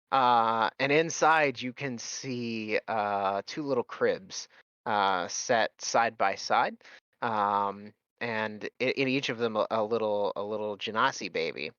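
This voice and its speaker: Male game master, bright tone, halting delivery with fillers, dull lo-fi recording. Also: lowish voice, clear, resonant tone, dry recording. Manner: halting, many ums and restarts. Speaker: dungeon master. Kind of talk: narrating a tabletop game. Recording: dull, lo-fi sound.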